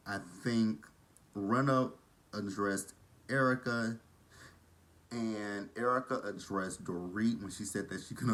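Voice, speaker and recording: Texas guy w a southern drawl dishing gossip, lowish voice, shady asides. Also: fairly bright tone. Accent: Texan. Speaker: reality TV recap vlogger. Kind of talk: casual recap commentary.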